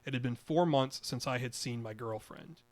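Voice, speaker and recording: A man's voice: mid-range voice, moderate pace. An older man in his eighties reading his own memoir story aloud, wry, chuckling now and then. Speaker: podcast storyteller.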